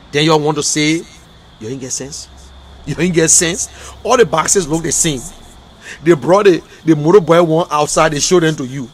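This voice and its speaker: A man's voice: on the high side, normal speed, slight background noise. Emphatic Liberian man on a livestream. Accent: Liberian English. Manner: emphatic, repetitive, exasperated. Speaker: livestream commentator. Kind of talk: heated livestream political talk.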